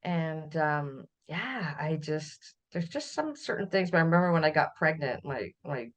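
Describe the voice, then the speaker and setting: A middle-aged Canadian woman, a podcast guest, telling family memories in a relaxed conversational way, often laughing as she recalls. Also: sits low, moderate pace. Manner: warm storytelling, laughs while recalling. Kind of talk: conversational interview.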